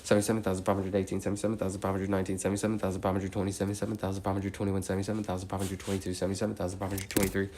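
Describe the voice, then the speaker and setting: Fast-counting low-voiced man. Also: slight background noise. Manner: fast, steady number recitation broken by chatty tangents full of "like". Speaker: streamer counting aloud for a record. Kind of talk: live stream, counting numbers aloud with rambling asides.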